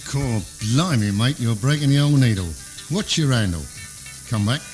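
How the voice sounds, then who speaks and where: A man's voice: medium pitch, animated, moderate pace, a little mellow, soft background music, lightly acted. A man doing a brash Cockney trucker. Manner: brash, slangy. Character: experienced Cockney male truck driver, blunt.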